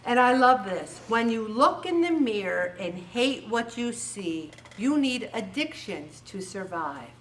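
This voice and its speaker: A woman's voice: on the high side, big pitch swings, measured pace, hardly any pauses, a bit bright, far from the mic, slight background noise. A woman giving an earnest, chipper faith talk to a support group, acting out the quotes she tells. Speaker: faith-based weight loss group speaker.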